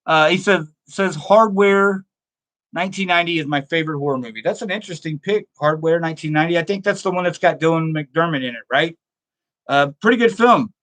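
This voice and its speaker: A man's voice: a little high, brisk, a bit bright. Rambling, self-amused male show host. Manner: rambling, self-amused, laughs often at own stories. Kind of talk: casual storytelling and reading viewer comments.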